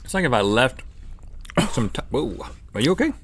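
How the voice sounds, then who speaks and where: A man's voice: mid-range voice, big pitch swings, moderate pace, fairly bright tone, slight background noise. A man co-hosting a comedic food-tasting show, making dry, jokey asides. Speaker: co-host.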